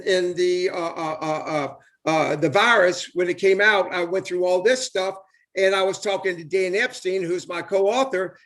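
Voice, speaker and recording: A rambling older man with a drawl chats on a live video call from home. His voice sits high for a man and keeps circling back over the same points. He is full of eager, repetitive enthusiasm, with plenty of "uh" and "you know" along the way. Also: fairly bright tone. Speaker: host, former baseball player. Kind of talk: casual live chat.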